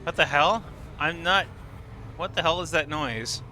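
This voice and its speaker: A man's voice: fairly high pitch, measured pace, sharp tone, a little hiss or hum. A man streaming a game live, explaining what he sees with enthusiasm and casual swearing. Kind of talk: live gameplay commentary.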